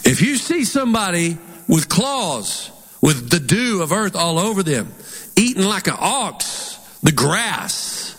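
A pastor with a Southern twang preaching a sermon in an animated, folksy way, putting on mock voices. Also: male voice, high-pitched, slow, breathy edge. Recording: long hall reverb.

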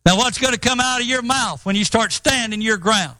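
A man's voice: extremely high pitch, brisk, bright, forceful tone, dry recording. A middle-aged man preaching a sermon, emphatic and quoting scripture with rising intensity.

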